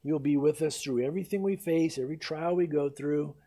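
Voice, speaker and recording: Impassioned preacher man with a high, mellow voice. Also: fairly quick. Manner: impassioned preaching, rising loud on scripture, dropping soft and intimate. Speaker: pastor. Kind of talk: sermon.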